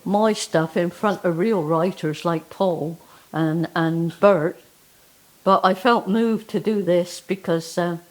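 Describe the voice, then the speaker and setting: A woman with a Cornish accent, performing a comic folk story with slow, emphatic, folksy delivery. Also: medium pitch. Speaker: dialect storyteller and poet.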